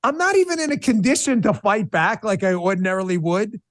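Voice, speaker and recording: A man as a guest in a podcast interview, telling an emotional story in an animated, blunt way, often stumbling and restarting. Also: high-pitched, fairly quick, no echo, studio quality. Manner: blunt and combative.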